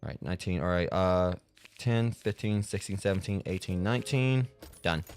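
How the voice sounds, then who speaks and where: A man's voice: deep voice, normal speed, a little mellow, smooth. A man streaming himself playing a game, chatting casually and rambling, with lots of fillers. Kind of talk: gameplay commentary.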